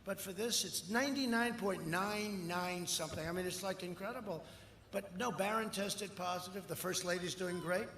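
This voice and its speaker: A man's voice: high voice, normal speed. Older man rambling at a rally podium. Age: 70s. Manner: rambling and repetitive, with mocking asides. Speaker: political candidate at a rally. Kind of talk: campaign rally speech. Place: large outdoor rally. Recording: echoey rally sound system with long reverb and faint noise.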